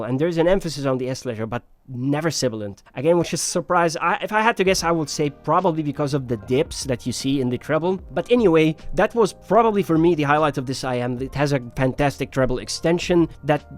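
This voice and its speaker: A man giving a casual, personal review of earphones, talking in a chatty way with many fillers. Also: on the high side. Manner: chatty, personal, frequent "you know" and "like". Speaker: audio reviewer.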